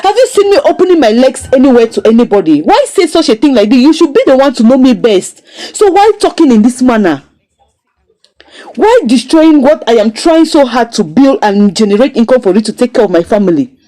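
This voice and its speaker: An indignant young wife, defensive and pleading, as a woman reviewer puts her on. The voice is fairly high and warm, with lively swings in pitch. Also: brisk.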